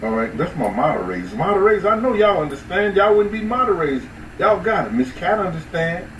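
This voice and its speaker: A man's voice: big pitch swings, brisk, fairly bright tone, far from the mic. Roomy off-mic man chatting on a livestream. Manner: loose, profane, rambling commentary with sudden high-pitched outbursts. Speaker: livestream host talking to chat. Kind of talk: casual unscripted livestream chat. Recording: roomy echo, off-mic, faint ambient noise.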